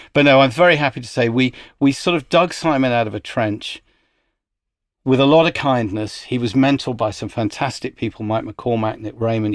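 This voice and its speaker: This studio-quality recording has no room sound and features a man with a mid-range voice. He's a music industry executive guesting on a podcast, telling stories in a casual interview and becoming lively when he quotes others.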